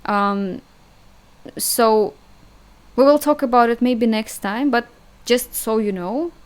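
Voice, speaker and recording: A young woman with a Russian accent, a native Russian speaker, teaching an online language lesson in a chatty, hesitant way, repeating sounds slowly and laughing at herself. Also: fairly high pitch, smooth.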